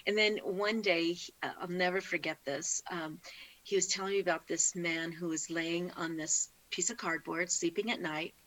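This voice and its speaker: A woman's voice: on the low side, fairly even intonation, normal speed, fairly bright tone, rough recording. A middle-aged woman, a guest in an interview, telling a heartfelt faith testimony with frequent restarts. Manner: heartfelt storytelling with many restarts.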